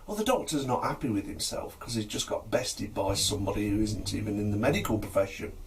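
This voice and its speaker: A man telling jokes to camera in a chatty, easygoing way. His pitch swings animatedly as he narrates. The voice sounds a little distant from the mic. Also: fast, slight background noise. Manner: chatty, lively, chuckles at own jokes. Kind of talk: casual joke storytelling to camera.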